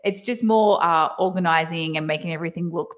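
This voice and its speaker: Laughing Australian woman, lower voice. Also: fairly quick. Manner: laughs often, animated storytelling. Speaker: guest. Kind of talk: casual chat. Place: her home.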